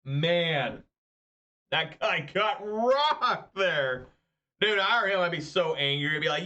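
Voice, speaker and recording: A man talks over his card game matches in a slow, unhurried drawl. His voice is bright and a little high for a man. The recording sounds dull and lo-fi. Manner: excitable, shouts and laughs at big plays, mutters through quiet turns. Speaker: gameplay commentator. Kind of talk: casual game commentary.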